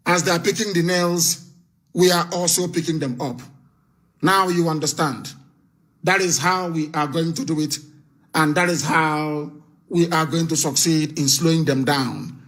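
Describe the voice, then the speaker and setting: A man hosting a live call-in broadcast, speaking in forceful, repetitive oratory. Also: fairly high pitch. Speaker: host.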